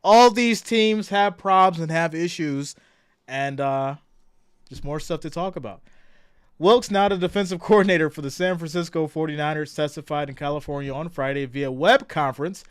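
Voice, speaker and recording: A man hosting a casual sports live stream, loud and excitable, greeting chat viewers by name and swinging between shouted hype and low asides. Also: normal speed, clean tone, no room sound, clean studio sound. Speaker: sports livestream host.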